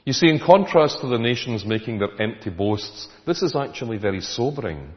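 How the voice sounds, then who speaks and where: A man's voice: medium pitch, lively intonation, brisk. A man preaching a sermon, emphatic and full of rhetorical questions to the congregation. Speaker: pastor. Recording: echoey hall, dull lo-fi sound.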